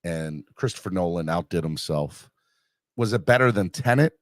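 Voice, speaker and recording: A man's voice: sits low, animated, moderate pace, no room sound, clean studio sound. A middle-aged man hosting a podcast, chatting casually and rambling with fillers and restarts while reading live comments. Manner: rambling, self-deprecating, many fillers and restarts. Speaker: podcast host.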